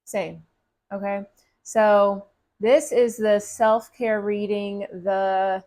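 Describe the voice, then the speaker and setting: A woman giving a collective tarot reading in a casual, reassuring, conversational way, with drawn-out pauses. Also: medium pitch, level tone, a little mellow. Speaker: tarot reader.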